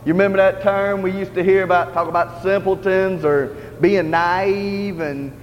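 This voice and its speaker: A man's voice: high voice, fairly even intonation, normal speed, slight background noise. A man preaching in a church in an earnest, conversational style, repeating his points. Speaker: lay preacher. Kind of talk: sermon. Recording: dull, roomy hall recording with faint ambience.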